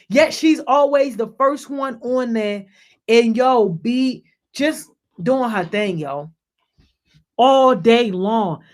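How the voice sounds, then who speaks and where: A youth program leader giving casual shout-outs and encouragement to young members, saying "yo" constantly and repeating phrases, and getting louder and higher when greeting people by name. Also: takes it slowly. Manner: peppers speech with "yo", repeats and restarts phrases; energetic, rises in pitch and volume when greeting people by name. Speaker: youth program leader hosting a group call.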